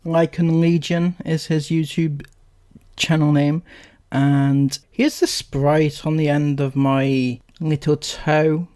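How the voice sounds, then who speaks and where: A man's voice: on the high side, steady tone, slow, a little mellow. A man hosting a commentary video, talking in a sarcastic, mocking way. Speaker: commentary YouTuber. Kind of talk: casual commentary.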